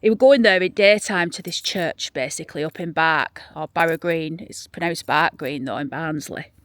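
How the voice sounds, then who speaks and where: Her voice is deep and her pace moderate, with no room sound, as a Yorkshire woman strolls through a churchyard telling a local true-crime tale. The vlogger and graveyard guide is chatty and rambling, dropping to a hushed near-whisper when showing graves.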